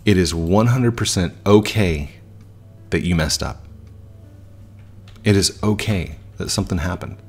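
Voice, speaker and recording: A man's voice: sits low, unhurried, long pauses, breathy edge, soft background music. A man in his thirties talking casually and reflectively while playing a game, often restarting his sentences. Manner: reflective, frequent restarts and fillers. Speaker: gaming YouTuber.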